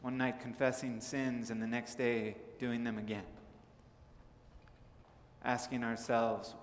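Male pastor from Southern California, mid pitch, chatty sermon delivery, echoey hall. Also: slow pace, pauses often. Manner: conversational storytelling, animated in anecdotes. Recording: echoey hall with faint ambience.

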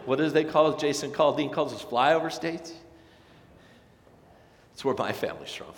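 A man preaching a sermon as pastor, swelling to loud emphatic peaks and dropping soft again, with folksy storytelling asides. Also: a little high, normal speed. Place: church sanctuary. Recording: long church reverb.

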